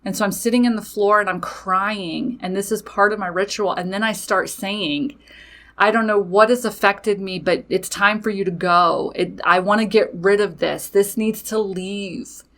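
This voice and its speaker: A woman who is a mother and a podcast host, casually telling a personal story, animated, swearing freely and talking straight to her listeners. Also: mid-range voice, moderate pace. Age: adult with children.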